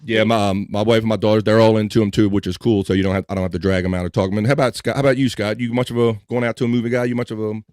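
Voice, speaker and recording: A man's voice: on the low side, little pitch movement, rapid-fire, hardly any pauses, a little mellow, no echo, clean studio sound. A man with a slight Mid-Atlantic American twang hosting a live podcast show, chatting casually and restarting his sentences as he goes. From Mid-Atlantic United States. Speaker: podcast host. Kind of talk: casual live-stream chat.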